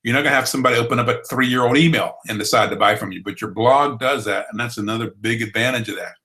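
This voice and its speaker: A man's voice: medium pitch, fast, bright, forceful tone, low-quality recording. A man with a Southern US accent and drawl, teaching a blogging course in a folksy, encouraging way. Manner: folksy, encouraging, repeats itself. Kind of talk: online training broadcast.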